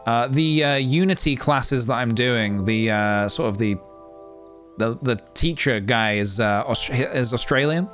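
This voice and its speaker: A man's voice: medium pitch, unhurried. Playful man streaming a game. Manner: playful, chatty, bursts of excited squeals. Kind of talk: casual live-stream game commentary. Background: faint game music.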